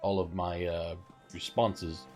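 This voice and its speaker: A man's voice: deep voice, level tone, slow, faint music behind. A man streaming a video game, chatting casually and joking about himself. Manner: self-deprecating, joking.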